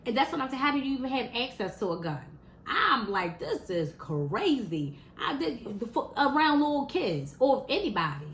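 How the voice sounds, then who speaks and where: A woman's voice: high-pitched, big pitch swings, a little fast, fairly bright tone, slight background noise. Exasperated woman venting in an echoey room. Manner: exasperated, repeats words, fires rhetorical questions. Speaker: vlogger. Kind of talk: casual opinion monologue to camera. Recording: roomy echo.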